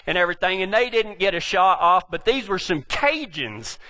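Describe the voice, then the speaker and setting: A man with a West Texas drawl preaches in a high voice, wandering through cowboy yarns with plenty of jokes. His tone is bright and forceful, and his speech is packed with ranch slang. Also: lively intonation, normal speed. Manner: folksy, rambling, joking, with cowboy slang. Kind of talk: storytelling sermon to a live audience.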